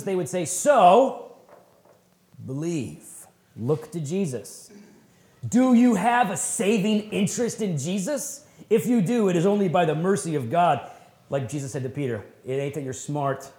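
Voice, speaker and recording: Animated, folksy preacher man, echoey room. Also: medium pitch. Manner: animated and conversational, with folksy slang and laughing asides. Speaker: pastor. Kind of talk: sermon at a men's retreat.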